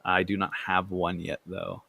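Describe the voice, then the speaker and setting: A man's voice: deep voice, little pitch movement, measured pace, creaky, sharp tone, no room sound. A man hosting a casual gaming podcast, rambling with fillers and restarts. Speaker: podcast host.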